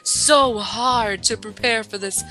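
A woman voicing a suave, smooth-talking young male pigeon student, speaking low, slow and formal while reading game dialogue aloud. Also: music in the background.

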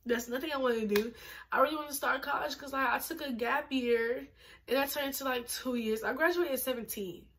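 A woman's voice: high voice, fairly quick, fairly bright tone, slight background noise. A woman of twenty, pregnant and a little out of breath, chatting casually to camera as a vlogger, emphatic and full of fillers. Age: 20s. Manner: chatty, emphatic, uses lots of fillers and laughs.

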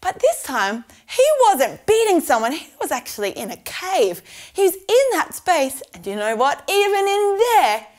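An Australian woman leading a lively preschool church lesson, asking the children questions and drawing out her words. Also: sits high, measured pace. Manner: animated, exaggerated, asking kids questions.

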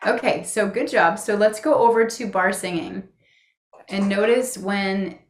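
A woman coaching a guided tapping session in a calm, steady voice of middling pitch. She feeds short affirmations for her client to repeat. The sound is roomy and echoey. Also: measured pace. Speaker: EFT practitioner.

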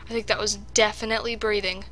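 A woman's voice: mid-range voice, little pitch movement, quick pace, a bit bright. A woman giving casual let's-play commentary on a horror game, jittery and talking straight to her viewers. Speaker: gaming commentator.

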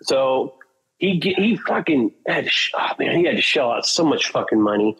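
A man's voice: medium pitch, sing-song, normal speed, a bit bright, slightly rough, poor audio. A man, a metal singer from Portland, Oregon, telling rambling, profane anecdotes in a casual chat and acting out what others said. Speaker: guest, metal band singer.

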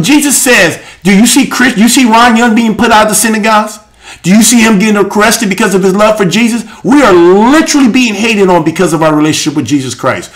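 A man hosting a live show, preaching and reading scripture with fervor, often breaking into shouts. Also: sits high. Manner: fervent, often shouting, rapid swings into loud exclamations. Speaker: host and preacher.

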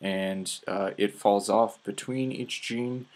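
A young man with a Minnesota accent and a lowish voice gives a casual science lecture over slides at a slow pace. His explanations are loose and relaxed, packed with filler words and frequent "uh"s.

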